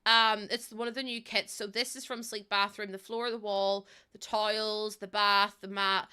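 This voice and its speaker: A woman's voice: mid-range voice, little pitch movement, normal speed, pushed and bright, clean tone. A young woman, chatting casually and rambling with lots of fillers and giggles while she livestreams a building game. She is heavily pregnant.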